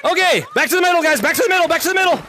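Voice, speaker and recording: A man hosting a virtual reality game lobby on a live stream, shouting callouts, repeating himself and laughing often as he plays at home. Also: extremely high pitch, racing, a little hiss or hum. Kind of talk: excited live gameplay commentary. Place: at home playing in VR.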